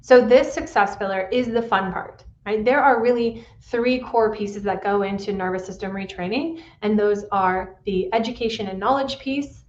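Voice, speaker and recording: A woman's voice: medium pitch, moderate pace, hardly any pauses, reverberant, muffled recording. A woman pain specialist hosting a solo podcast, talking in an earnest coaching manner and often checking in with "right?".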